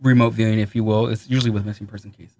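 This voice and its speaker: A man's voice: on the low side, level tone, a little mellow, dry recording. A man talking about his work as a psychic medium in a casual podcast chat, telling stories with many restarts and repeated words. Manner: rapid, repetitive storytelling with many restarts.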